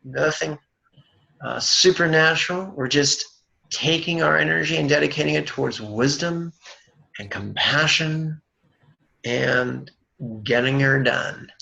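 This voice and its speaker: A man leading a guided meditation as its teacher, speaking in a slow, measured way and dropping dry jokes between chants. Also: fairly high pitch, gravelly, pushed and bright, highs cut off.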